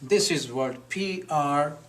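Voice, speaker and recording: A man teaching a live class, who speaks deliberately and repeats words to model how they are pronounced. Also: fairly high pitch, a bit bright, far from the mic. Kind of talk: live classroom lecture on pronunciation.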